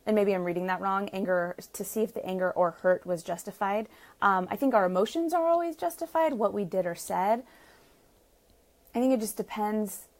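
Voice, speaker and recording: A woman's voice: medium pitch, vocal fry, a little mellow. A woman relationship coach answering viewer comments in a live Q&A, chatty and earnest, laughing often and acting out little quoted asides.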